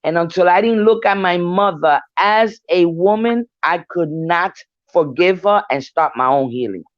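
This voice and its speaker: Speaking with animation at a measured pace, this older New York woman has a fairly low voice with no room sound. She's a guest in a casual discussion, telling frank stories and swearing freely, captured in a muffled, dry lo-fi recording.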